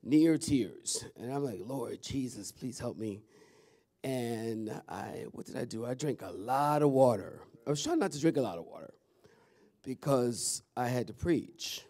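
A pastor with a mid-range voice speaks a little slowly in a church sanctuary. He talks to his congregation in a chatty, animated way, calling out to the audience.

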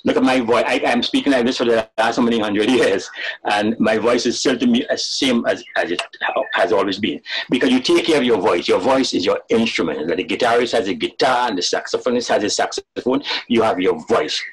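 An older man, talking as a storyteller in a webinar interview, animated and laughing at his own jokes. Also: medium pitch, a little fast, breathy edge, poor audio. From Caribbean. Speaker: storyteller and writer. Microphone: video call.

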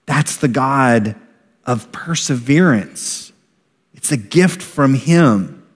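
A middle-aged man preaching a sermon as pastor, animated and acting out voices of a parent. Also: mid-range voice, slow, breathy edge. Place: church sanctuary. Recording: long reverb of a large hall.

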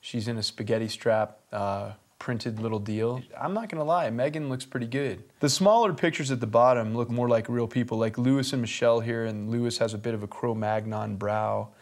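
A man's voice: on the low side, normal speed, a little mellow. A man hosting a comedy web show, delivering mocking, sardonic commentary and chuckling through his own jokes.

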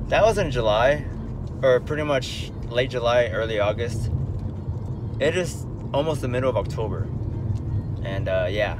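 A man's voice: mid-range voice, lively intonation, normal speed, noisy background. A young man in a casual vlog rant, exasperated and rambling with lots of fillers, talking from his car. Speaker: vlogger.

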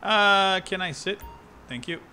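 A man's voice: high-pitched, unhurried, pushed and bright, slight background noise. A man streaming a game live, giving sarcastic, wry commentary.

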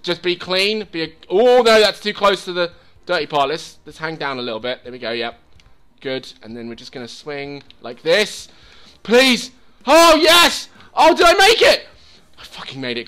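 A man giving let's play commentary, excitable and swearing as he talks to the game. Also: a little high. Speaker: gaming channel host.

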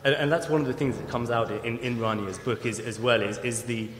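A man moderating a festival panel, framing questions haltingly with frequent restarts. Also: medium pitch, steady tone, a bit bright. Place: large festival hall. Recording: roomy echo and long hall reverb, faint noise.

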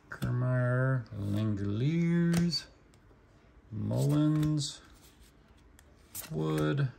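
A man's voice: medium pitch, creaky, a little hiss or hum. A man with a mixed Oklahoma and Indiana accent, casually reading card names aloud one by one while opening packs and adding short remarks. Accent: Oklahoma and Indiana mix. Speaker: card collecting channel host. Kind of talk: casual pack-opening commentary.

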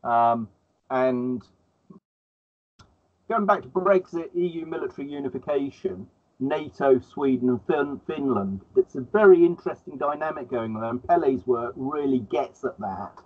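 A man in casual conversation, speaking haltingly and repeating words as he gathers his thoughts. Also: mid-range voice, lively intonation. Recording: tinny phone-like line.

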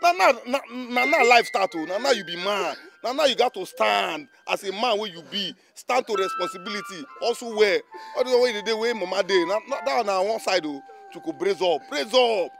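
A man's voice: high-pitched, expressive, brisk, gravelly, hardly any pauses. An actor playing a friend who consoles a grieving man, talking soothingly in Nigerian Pidgin over film music. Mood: consoling. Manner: soothing, persuasive Pidgin talk. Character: older friend consoling, steady male elder. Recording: film soundtrack with loud music.

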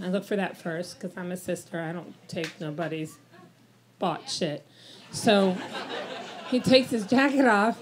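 A woman in her fifties doing a stand-up routine in a comedy club, telling brash, profane, self-mocking stories. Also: medium pitch. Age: 50s. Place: comedy club in front of an audience. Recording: live club recording with audience noise. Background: audience laughter.

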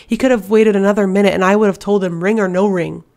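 A woman's voice: medium pitch, fairly even intonation, normal speed, gravelly, a little mellow, natural voice. A woman doing an anguished protective warrior man.

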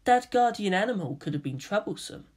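Reader doing a calm menacing half-angel teen boy, cold, quiet, hushed and threatening, lively pitch, fan-fiction reading. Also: normal speed.

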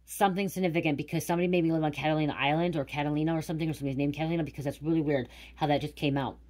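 Middle-aged woman, low-pitched, casual card reader thinking out loud. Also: steady tone, rapid-fire. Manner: musing aloud, repeating words. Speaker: tarot reader. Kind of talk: casual spiritual card reading.

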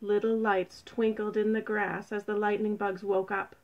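A woman reading a children's story aloud in a gentle, unhurried narration. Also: mid-range voice, little pitch movement. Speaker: storybook reader. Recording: dull lo-fi recording.

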